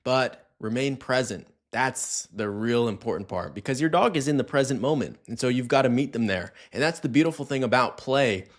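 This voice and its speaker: A young man teaches dog owners how to play with their dogs, his voice sitting at an ordinary middle pitch. He talks casually, with loose fillers, and repeats his key points for emphasis. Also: lively intonation, normal speed, hardly any pauses. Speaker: dog trainer. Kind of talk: instructional talk to camera.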